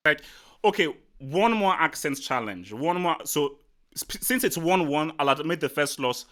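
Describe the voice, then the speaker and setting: A male host chats on a casual live stream, joking and competitive and repeating himself as he pushes for a win. His voice is bright and forceful, set a little high. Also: expressive, a little slow. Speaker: channel host.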